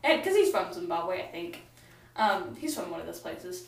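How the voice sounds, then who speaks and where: A woman's voice: lowish voice, very animated, normal speed, gravelly. A young American woman vlogging in a casual, rambling, giggly way with lots of fillers. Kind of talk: casual chat to camera. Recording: echoey room, mic at a distance.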